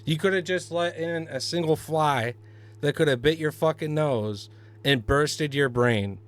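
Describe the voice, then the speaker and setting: A man co-hosting a casual podcast, excitable and swearing as he banters. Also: a little high, unhurried. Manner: excitable, swearing, laughs often. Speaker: podcast co-host.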